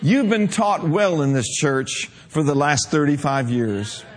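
Pastor, male, fairly high voice, preaching style that builds to shouting. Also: animated, measured pace. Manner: preacher reading a vision aloud, building to shouts. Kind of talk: sermon.

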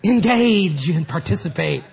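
A man preaching a sermon as pastor, animated and rising to loud shouts at times. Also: sits high, unhurried, gravelly.

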